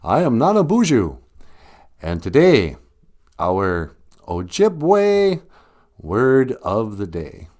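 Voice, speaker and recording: Slow-talking joking man podcast host. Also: medium pitch, huge pitch swings, darkish tone. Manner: jokey, laughs often, breaks into sung bits; sarcastic, mock voices for quoted people. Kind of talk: casual comedic monologue.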